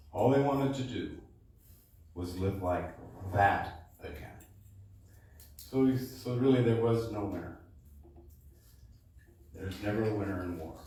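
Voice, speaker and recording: A man, a baritone singer, casually introducing his show to a live supper club audience and often checking in with "okay?". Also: darkish tone, slight background noise. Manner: chatty, keeps checking in with "okay?". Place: supper club performance room. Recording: echoey room, distant mic.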